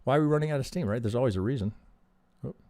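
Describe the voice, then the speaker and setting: A man teaching trading on a live stream, reviewing charts in an animated, profane way and asking "right?" again and again. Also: mid-range voice, very fast, no room sound. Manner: profane, emphatic, acts out trader reactions, keeps asking "right?".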